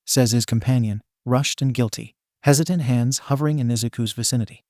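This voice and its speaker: A man narrating a fan fiction story in a steady, even reading voice. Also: mid-range voice, fairly quick, dry recording, studio quality. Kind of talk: scripted narration.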